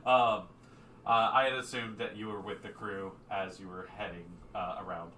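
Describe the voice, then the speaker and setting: Low-voiced male game master, echoey. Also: moderate pace, a little hiss or hum. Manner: relaxed, many fillers. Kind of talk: narrating a tabletop game. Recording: echoey room, distant mic.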